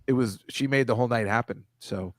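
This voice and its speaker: A man co-hosting a casual comedy chat, friendly and rambling with quick laughs. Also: mid-range voice, no echo, clean studio sound. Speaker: co-host.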